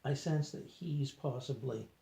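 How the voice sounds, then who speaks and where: Gravelly man telling a story haltingly. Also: mid-range voice, mellow. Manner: halting, filler-heavy storytelling. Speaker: journal vlogger. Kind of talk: recounting an out-of-body experience. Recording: echoey room.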